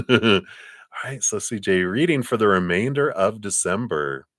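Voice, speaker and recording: A man giving live tarot readings in a gentle, meandering way, with many fillers and soft laughs. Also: on the low side, animated, moderate pace, no room sound, clean studio sound. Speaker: tarot card reader.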